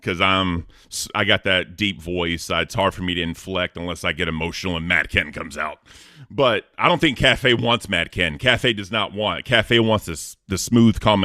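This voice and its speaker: A man with a very deep but bright, forceful voice, recorded close and dry. He banters as a podcast co-host in a slangy, laid-back way with deadpan humor. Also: no room sound.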